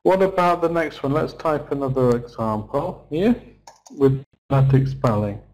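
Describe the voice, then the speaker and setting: A man's voice: medium pitch, animated, normal speed, darkish tone, rough recording. A middle-aged man teaching English pronunciation in an online lesson, patiently stretching words out to model their sounds.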